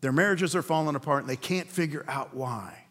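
Brief: male preacher, earnest sermon delivery, slightly higher voice, rhetorical pauses. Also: a bit bright. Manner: earnest, rhetorical questions, slows for emphasis. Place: room with a men's group.

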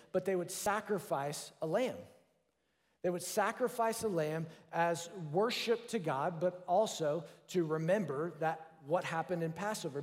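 Male pastor, earnest sermon delivery, slightly high voice, reverberant church hall sound. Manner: earnest, drops to a soft hush for quoted prayers.

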